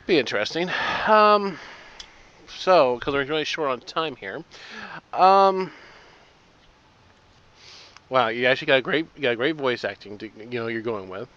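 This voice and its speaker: A man's voice: medium pitch, lively intonation, normal speed, pauses often, fairly bright tone, muffled recording. A man hosting a casual interview, asking friendly, upbeat questions. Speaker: host.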